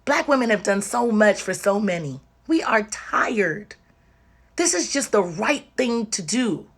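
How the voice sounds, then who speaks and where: A woman's voice: mid-range voice, big pitch swings, unhurried, a bit bright. Tearful, emphatic woman on a livestream. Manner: emphatic, repetitive, direct. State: tearful and exhausted. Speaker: livestream host. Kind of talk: impassioned livestream talk.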